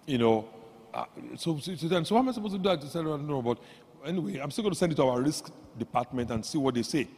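A man preaching a sermon, swinging from quiet asides to loud exclamations and leading the congregation in call-and-response. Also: fast talker, slightly rough. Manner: animated, jumps from low asides to loud exclamations. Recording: long hall reverb.

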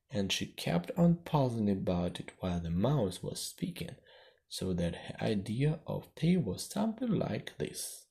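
A man reading a classic storybook aloud at an unhurried pace. His voice is dark and husky with a gravelly edge. His intonation rises and falls in a lively way. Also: on the low side. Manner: slow, expressive reading. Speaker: audiobook narrator.

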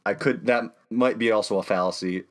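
A man co-hosting a casual podcast, talking in a relaxed way with lots of "uh" fillers. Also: on the low side, a little fast. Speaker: podcast co-host. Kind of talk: casual chat.

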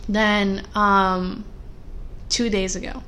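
A young woman co-hosting a podcast in casual chat, telling animated, rambling stories full of fillers. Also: medium pitch, drawn-out words, slight background noise. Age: young adult. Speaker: podcast co-host.

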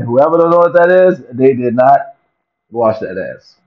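A man delivers a profane, comic vlog rant, circling back on the same lines for effect. His pitch swings widely as he talks. The recording sounds dull and lo-fi. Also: normal speed. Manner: profane, animated, repetitive rant. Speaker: vlogger. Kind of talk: comedic rant to camera.

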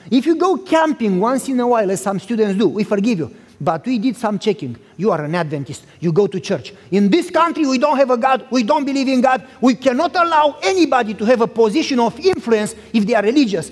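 Man playing a cold officious older rector, stern and declaring, lively pitch, hall echo. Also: full character voice. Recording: reverberant hall.

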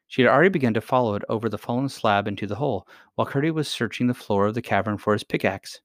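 A man calmly reading a children's story aloud as narrator. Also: lowish voice, very fast, few pauses, no room sound, clean studio sound.

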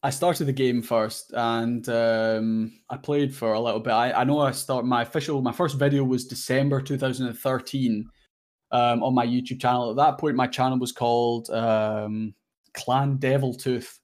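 A man's voice: medium pitch, fairly even intonation, normal speed, darkish tone. A man in his twenties, a guest content creator chatting casually in an interview, rambling and self-deprecating with lots of fillers.

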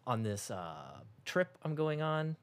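A man's voice: a little high, animated, slow. A young man co-hosting a podcast, rambling casually about work with lots of "like" and "uh". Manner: rambling, lots of fillers, laughs often. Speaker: podcast co-host. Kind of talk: casual chat.

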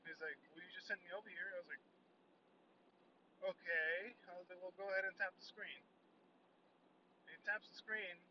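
A young man hosting a podcast, telling a story about a customer in a profane, animated casual rant. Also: high voice, normal speed, long pauses. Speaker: podcast host. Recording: distant, muffled, noisy recording.

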